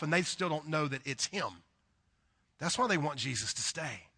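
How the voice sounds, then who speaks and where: Southern preacher, high bright voice, hushed-to-loud delivery, long hall reverb. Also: male voice, expressive, moderate pace, breathy edge. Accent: Southern American. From Deep South, USA. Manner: dramatic swings from hushed to loud, mimics voices. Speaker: pastor. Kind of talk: sermon.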